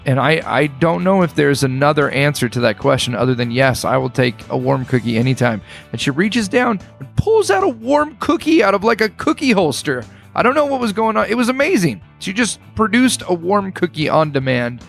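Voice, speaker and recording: A man in his thirties hosting his own podcast, speaking earnestly and encouragingly with frequent restarts. His voice is deeply gravelly with heavy fry, and he sounds a little choked up. Soft guitar music sits faintly beneath him. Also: sing-song, a little fast. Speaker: podcast host. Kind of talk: casual podcast monologue. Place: hotel room.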